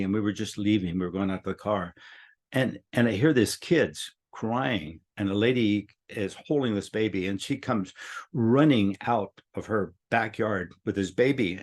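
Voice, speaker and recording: An older man with a somewhat low voice tells a story in a loose, rambling chat. He doubles up words as he goes and turns gentle and reassuring when he quotes what he said. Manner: rambling, repeats words, soothing when quoting himself. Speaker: guest teacher.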